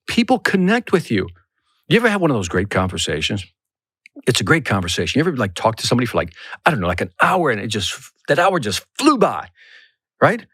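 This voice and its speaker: A man's voice: fairly high pitch, fairly quick, dry recording, clean studio sound. Emphatic male sales podcast host. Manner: energetic, emphatic, conversational coaching. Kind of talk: solo podcast talk.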